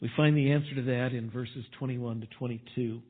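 A man's voice: mid-range voice, fairly even intonation, brisk, breathy edge. A male pastor preaching a sermon with emphasis and rhetorical questions. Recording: tinny phone-like sound.

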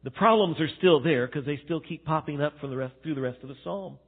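A male pastor preaching a sermon, swinging from hushed, slow emphasis to loud, playful acting out. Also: fairly high pitch, husky. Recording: tinny phone-like sound.

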